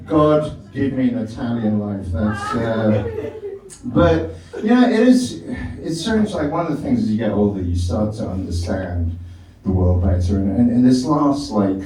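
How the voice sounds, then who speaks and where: Middle-aged comic in an echoey club. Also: male voice, on the low side, warm tone, a little hiss or hum. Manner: rambling self-mocking with frequent laughs and filler. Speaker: stand-up comedian. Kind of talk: stand-up comedy set. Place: comedy club stage. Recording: echoey club from far off with crowd.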